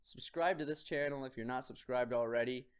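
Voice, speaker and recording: A man leads a vocal warm-up tutorial in an upbeat, direct way. His voice sits at an ordinary middle pitch for a man, and he talks the viewer through each exercise step by step. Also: a little fast, clear, resonant tone. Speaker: singing teacher.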